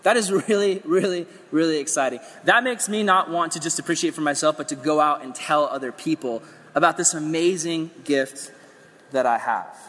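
A man preaching a sermon in an energetic, conversational way with playful asides, his voice a little strained as he is losing it. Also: fairly high pitch, normal speed, in a large hall.

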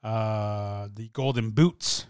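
Rambling, excitable man. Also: on the low side, extremely slow, clean tone, dry recording, clean studio sound. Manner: rambling and excitable, many fillers and restarts. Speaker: soccer fan podcaster. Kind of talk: casual chat.

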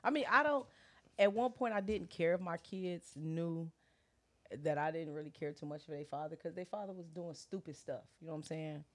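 A middle-aged woman casually telling a personal story, animated, full of slang and acted-out quotes. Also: low-pitched, moderate pace. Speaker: guest sharing her story. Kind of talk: candid casual chat.

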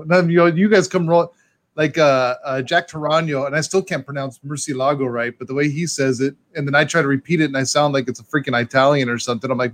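A man's voice: medium pitch, quick pace, a bit bright. A man hosting a casual video-call chat, rambling loosely and laughing often. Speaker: podcast host.

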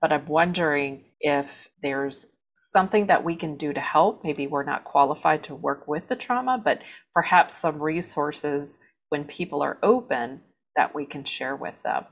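A woman interview host with a low-pitched voice. She reads out a listener's question and asks her guest thoughtful follow-ups in a casual, attentive way. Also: a little slow.

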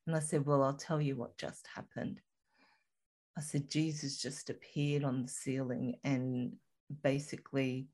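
A woman with a low, unhurried voice tells a personal story as an interview guest. She speaks softly and reflectively, letting her sentences trail and pause. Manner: slow, reflective, soft-spoken storytelling.

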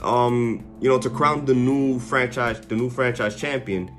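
A man's voice: mid-range voice, steady tone, a little slow, soft background music. A man giving a casual, rambling recap, correcting himself often and laughing at his own slips. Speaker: wrestling fan reviewer. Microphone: headphones with mic.

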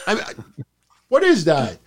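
A man's voice: high-pitched, huge pitch swings, a little slow, a little hiss or hum. A man co-hosting a wrestling podcast, talking casually and profanely, acting out his rants in a raised voice. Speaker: podcast co-host.

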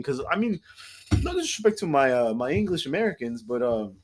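A man hosting a casual podcast, his voice swinging up and down as he tells a story. He acts out the customers in his tale and swears freely. The talk stays loose and lively. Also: medium pitch, a little fast. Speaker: podcast host.

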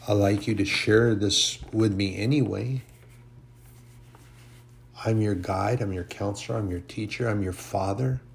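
A man voicing a loving, fatherly divine figure, speaking softly and reassuringly. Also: lowish voice, steady tone, measured pace, gravelly, pauses often. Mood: tender. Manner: soft, tender, reassuring. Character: gentle loving male divine voice, fatherly, patient.

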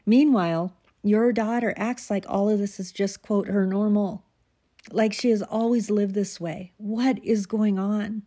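A woman's voice: mid-range voice, steady tone, a little slow, dark tone, close to an everyday voice. A woman voicing a patient wife who pleads with and soothes her husband. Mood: pleading.

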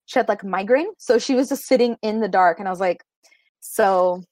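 Speaking fast in a mid-range, slightly mellow voice, this young female podcast co-host tells a meandering work story full of fillers. She's recorded remotely from home with no echo.

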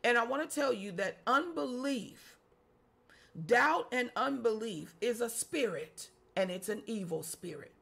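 Slow, gravelly-voiced preacher. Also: medium pitch, animated, a bit bright. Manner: repeats phrases, asks the congregation rhetorical questions. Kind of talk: sermon with scripture reading.

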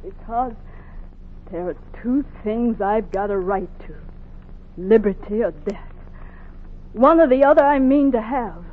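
A young enslaved woman fleeing north, earnest and defiant, in a vintage radio play. Her voice sits high. It comes through a thin, tinny old radio recording. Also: unhurried, long pauses. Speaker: narrator and lead. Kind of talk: 1950s radio drama acting.

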